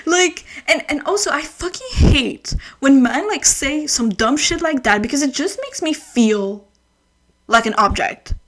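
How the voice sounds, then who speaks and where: Ranting woman with a higher voice. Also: unhurried. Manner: ranting, swearing, animated asides. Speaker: book reviewer. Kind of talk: casual book review vlog.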